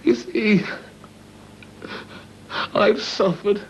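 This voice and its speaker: A man's voice: high voice, fairly even intonation, very slow, muffled recording, a little hiss or hum. An actor playing an earnest, bewildered man who has lost his memory, in a sitcom. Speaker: sitcom character. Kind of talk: 1980s TV sitcom acting.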